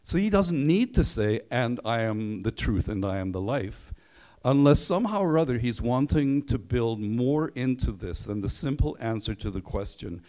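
A man's voice: medium pitch, darkish tone. A man preaching a sermon in a conversational way, leaning hard on key phrases and stumbling over the odd restart.

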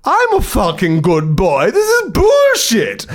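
A man voicing a big, brash, foul-mouthed male dog who shouts and swears in a comic story. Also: fairly high pitch, moderate pace, clear, resonant tone, pitched above the performer's own voice, natural voice. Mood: indignant.

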